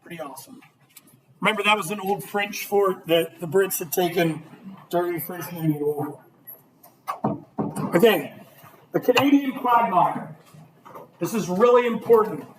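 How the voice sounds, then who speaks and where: In a roomy, distant classroom recording with a noisy background, a man with a high voice lectures on history at a moderate pace, leaving long pauses. He is energetic and asks his students questions.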